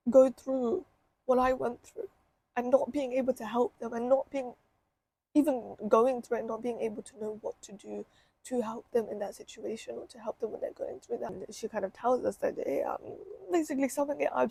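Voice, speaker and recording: Young woman vlogger, candid and emotional, husky mellow voice, creaky edges, dry close sound. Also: sits high, no echo. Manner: emotional, candid, repeats herself. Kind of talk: personal storytime vlog.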